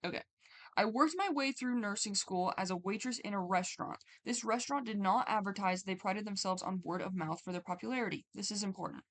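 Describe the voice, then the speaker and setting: A woman's voice: medium pitch, fairly quick. A young adult woman on a casual stream, reading stories aloud and breaking off to comment in a chatty way.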